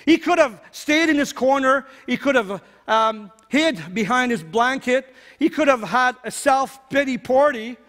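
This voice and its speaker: High-voiced man preaching in a reverberant church. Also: lively intonation, unhurried, few pauses, fairly bright tone. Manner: earnest, conversational preaching with many restarts. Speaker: pastor. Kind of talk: sermon. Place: church sanctuary.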